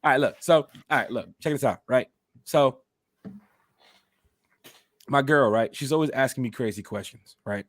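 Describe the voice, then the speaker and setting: A man's voice: medium pitch, moderate pace, long pauses, dry recording, clean studio sound. Boisterous, profane man hosting a podcast. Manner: boisterous, profane, telling dad jokes. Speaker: podcast host. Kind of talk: casual podcast chat.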